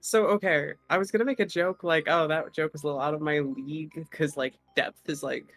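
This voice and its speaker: A woman streamer with a lowish voice, joking dryly and cheerfully with her co-host in casual chat. Faint music runs underneath. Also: fairly even intonation, fairly quick, no echo. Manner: dry, joking, upbeat.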